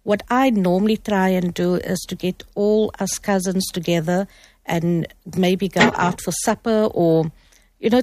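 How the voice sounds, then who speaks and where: A woman's voice: medium pitch, darkish tone, dry recording. A woman hosting a conversation, chatty and personal, often murmuring agreement. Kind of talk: casual conversational talk.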